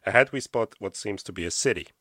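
A man's voice: on the low side, lively intonation, fast, sharp tone, breathy edge, dry recording, clean studio sound. A man with an Irish accent hosting a podcast, reading from a diary aloud with stumbles and casual asides. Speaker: podcast host.

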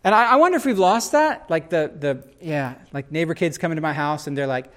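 A man hosting a casual faith discussion, talking in an animated, rambling way with frequent restarts. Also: fairly high pitch, fast, hardly any pauses.

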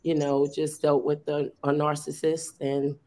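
Warm in tone yet flat in delivery, her low voice keeps a measured pace. She's a teacher and youth program founder talking earnestly and at length on a video call, casually sharing with lots of fillers and restarts.

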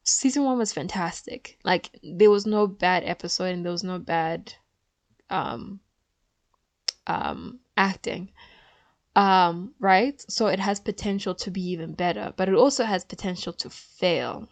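A woman's voice: fairly low pitch, measured pace, dry recording. A woman vlogging in a casual chat, chatty and opinionated, with frequent fillers.

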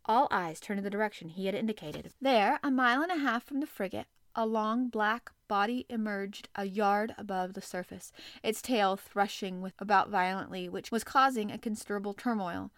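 A woman reads a novel aloud as an audiobook narrator. Her voice sits at a middle pitch, and her reading is steady and expressive. The sound is dry and close to the mic. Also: normal speed, hardly any pauses, dry recording.

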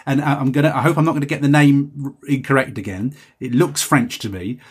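A man's voice: medium pitch, fairly even intonation, fast, husky. A man hosting a podcast, chatting casually and reading out listener messages in a rambling, self-correcting way. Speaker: podcast host.

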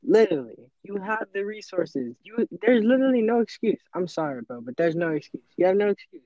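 A man's voice: sits high, sing-song, a little fast, warm tone, highs cut off. A teenage boy in casual chat, earnest and motivational, often acting out his own inner voice. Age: teens. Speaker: podcast co-host.

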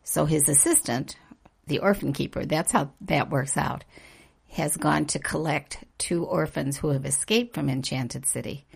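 A woman discussing a story she co-wrote, explaining it plainly. Her voice sits very low with heavy fry and a husky edge. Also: a little slow. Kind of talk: casual discussion.

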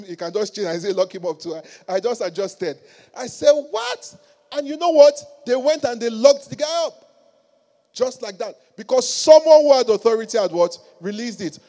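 A man preaching a sermon, acting out quotes and rising to loud exclamations. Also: high-pitched. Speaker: pastor.

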